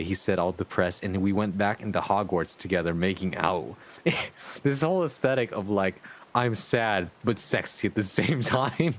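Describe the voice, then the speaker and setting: A man's voice: low-pitched, moderate pace. A man streaming live, reading fanfiction aloud and breaking off to chat to his viewers, amused and often profane.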